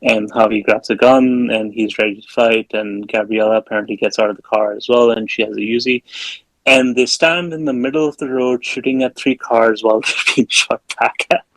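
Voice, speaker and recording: A man's voice: medium pitch, steady tone, moderate pace, no echo, low-quality recording. A man casually recapping a film plot on a podcast, rambling with plenty of fillers and restarts. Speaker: podcast host.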